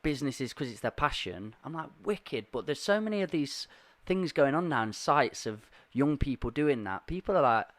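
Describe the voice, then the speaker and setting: A man's voice: medium pitch, animated, moderate pace, hardly any pauses, no echo. Easygoing man hosting a chat podcast, dry sound. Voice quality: easygoing, laughs along, asks questions. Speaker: podcast host.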